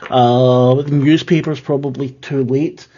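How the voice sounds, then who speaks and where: A man's voice: mid-range voice, fairly even intonation, unhurried, warm tone, lo-fi sound. A man running a tabletop horror game as keeper, talking casually with lots of fillers and restarts. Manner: rambling, filler-heavy, self-deprecating.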